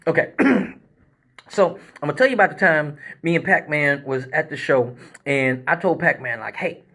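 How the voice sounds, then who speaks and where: A man hosting a live stream, telling crude funny stories from his dancing work in a profane, animated way. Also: a little high, moderate pace. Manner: profane, animated storyteller who acts out the other people in his stories. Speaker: live show host and male exotic dancer. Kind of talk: casual storytelling on a live stream.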